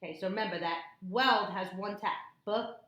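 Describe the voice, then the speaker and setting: A woman tutoring a child in phonics one-on-one, patient and encouraging, repeating words slowly in a classroom. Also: mid-range voice, a bit bright, lo-fi sound. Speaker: reading tutor. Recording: echoey room, faint noise.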